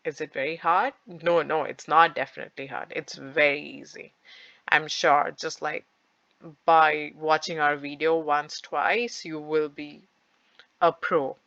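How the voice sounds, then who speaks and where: A woman teacher giving a recorded French lesson, speaking slowly and deliberately and repeating each phrase with its translation. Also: low voice, little pitch movement, gravelly, a bit bright, no echo. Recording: dull lo-fi, dry.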